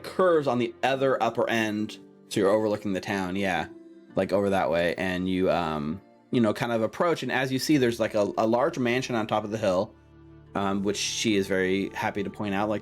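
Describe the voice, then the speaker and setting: Rambling young game master. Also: male voice, lowish voice. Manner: rambling, many fillers. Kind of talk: narrating a tabletop game.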